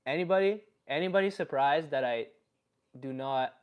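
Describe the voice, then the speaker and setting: A man from Canada chatting casually on a live stream in his own voice, relaxed and a bit hesitant. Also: on the high side, moderate pace, clean tone. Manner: relaxed, hesitant, musing aloud.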